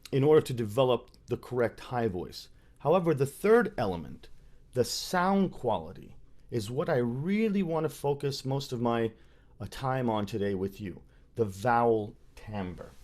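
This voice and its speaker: A male voice teacher lectures in a webinar at an unhurried pace. His delivery is measured and emphatic, as if laying out principles for students. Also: a little mellow. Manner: demonstrates by speaking and singing on higher pitches.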